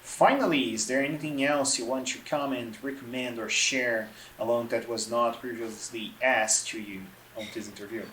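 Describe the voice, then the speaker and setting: A man's voice: mid-range voice, steady tone, sharp tone. Man hosting an interview in an echoey room. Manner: formal, slightly halting phrasing. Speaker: interview host. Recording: echoey room with faint noise.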